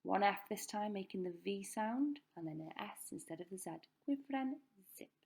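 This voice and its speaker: A woman teaching a recorded language lesson, saying each word slowly and clearly for pupils to repeat. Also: mid-range voice, expressive, a little mellow. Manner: slow, careful pronunciation drills. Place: school.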